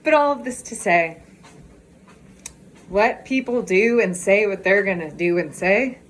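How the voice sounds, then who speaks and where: A woman's voice: medium pitch, a little slow. A woman chatting on a walking vlog, out of breath and laughing often, recorded on a phone outdoors. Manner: bubbly, laughs often, excitable. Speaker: vlogger. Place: outdoors on a walk.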